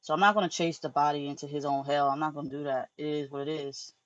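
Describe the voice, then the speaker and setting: A woman's voice: low-pitched, steady tone, fast, no room sound. Woman spiritual teacher, loose and profane storyteller, dry lo-fi recording. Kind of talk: casual spiritual monologue.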